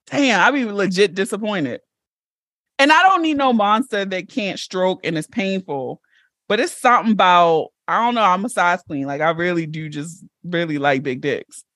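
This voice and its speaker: A woman's voice: medium pitch, fairly bright tone, no echo, studio quality. A woman hosting a podcast in casual chat, blunt and laughing often. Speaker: podcast host.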